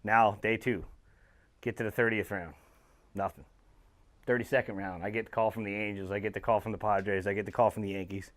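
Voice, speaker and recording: A man in his thirties, a father of two and former pro ball player, gives a motivational talk to young players, telling his story with lively emphasis and calling them guys. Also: fairly low pitch, a little fast. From Southern California. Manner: animated storytelling, addresses listeners as guys.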